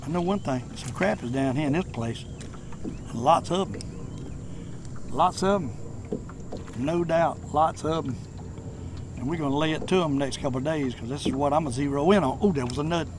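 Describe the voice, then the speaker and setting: An older man with a Southern US accent, chatting casually to the camera while fishing from a boat, folksy and prone to excited exclamations. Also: on the high side, normal speed, pauses often. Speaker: fishing vlogger. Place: outdoors on a boat on a lake. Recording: outdoor background noise on a lake.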